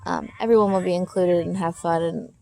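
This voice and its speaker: Rambling woman with a gravelly voice. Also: on the low side, steady tone, fairly quick, darkish tone. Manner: rambling, loose and heartfelt. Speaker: parent vlogger. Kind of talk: casual vlog chat.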